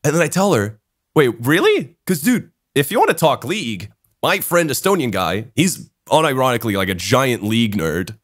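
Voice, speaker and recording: A young man hosts a casual podcast chat and tells a long story. He swears a lot and laughs as he goes, with his pitch jumping all over the place. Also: moderate pace, no room sound, clean studio sound. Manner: animated, swears a lot, laughs while telling. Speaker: podcast host.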